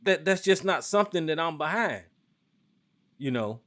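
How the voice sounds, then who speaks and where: A man hosting a call-in talk show from the United States, ranting hotly with lots of cursing, then dropping into a slower, lower drawl. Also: expressive, a bit bright. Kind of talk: profane political rant and call-in talk.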